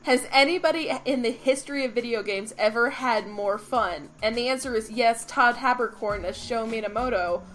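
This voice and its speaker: Young female podcast co-host, higher voice, loud swings from raving to mock fury, soft music bed. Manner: animated and profane, swinging between gushing and mock outrage. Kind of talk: casual podcast chat about video games. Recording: faint background music.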